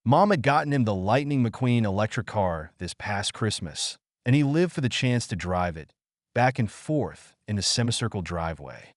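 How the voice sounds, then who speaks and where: A man narrating an audiobook with expressive storytelling. His voice is low and moves a lot in pitch. The recording is close and dry. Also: normal speed, no room sound.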